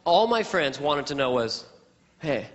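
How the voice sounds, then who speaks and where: Man doing lively stand-up in a hall. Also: on the high side, normal speed, lo-fi sound. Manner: lively, slips into character voices and impressions. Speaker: stand-up comedian. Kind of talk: stand-up comedy with impressions. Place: large theater with a live audience. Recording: live stage recording, long hall reverb, loud crowd and ambient noise.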